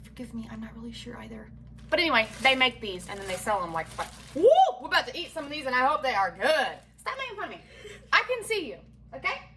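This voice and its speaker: A woman's voice: a little high, very animated, fast talker, bright, forceful tone, a little hiss or hum. A woman, a chatty, folksy mother talking through a casual home cooking vlog in her kitchen with self-deprecating humor. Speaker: home cook vlogger and mother.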